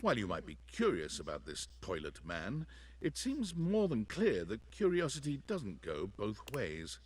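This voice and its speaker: A man's voice: on the low side, huge pitch swings, normal speed, slightly rough, heavily acted. A man giving dry, wry scripted narration in a video game.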